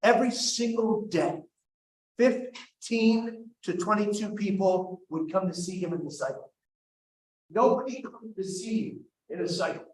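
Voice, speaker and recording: A man telling a personal story at a summit, wry and self-mocking, with humorous asides. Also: high voice. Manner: wry, self-mocking, acts out quoted voices. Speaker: summit speaker. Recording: echoey hall from far off, faint noise.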